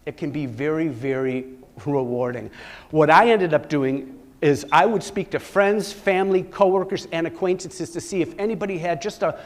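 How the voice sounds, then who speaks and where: A middle-aged man giving a keynote talk to a live audience, telling a personal story in an animated way, with sudden loud bursts and soft asides. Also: on the high side, normal speed. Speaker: keynote speaker.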